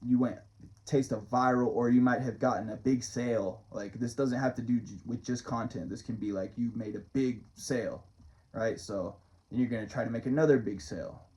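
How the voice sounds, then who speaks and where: A man's voice: mid-range voice, fairly even intonation, normal speed, darkish tone. A man rambling casually into the camera as a motivational vlogger, swearing freely and chuckling as he talks. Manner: loose, profane, chuckling often.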